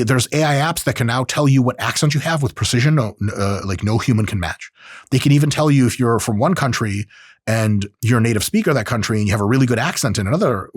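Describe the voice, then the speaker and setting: Brief: male podcast host in his thirties, lively swooping delivery, close dry mic. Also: mid-range voice, breathy edge, no room sound. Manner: animated, acts out quoted voices, profane asides. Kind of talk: casual monologue on technology.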